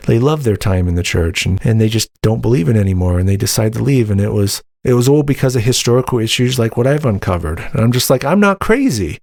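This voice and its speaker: A young man hosting a solo podcast, telling a personal story in a halting way, repeating words and quoting his own past thoughts. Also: mid-range voice, gravelly, warm tone, no room sound. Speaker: podcast host.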